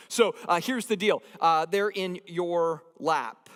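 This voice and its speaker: A man preaching a sermon in a large hall, with a high voice and a long reverb tail behind it. He speaks conversationally and mixes jokes into his teaching. He drives key points home by repeating phrases with emphasis. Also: measured pace, hardly any pauses, fairly bright tone. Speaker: pastor.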